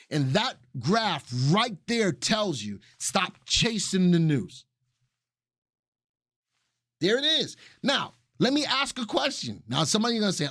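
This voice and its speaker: A high, lively male voice with a big swinging pitch, recorded dry and close. He hosts a live stock analysis webinar, keeps repeating key phrases for emphasis and talks straight to his chat viewers. He sounds keyed up, as if he is sweating. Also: slow pace, pauses often, no echo. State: excited and sweating. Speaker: stock market webinar host.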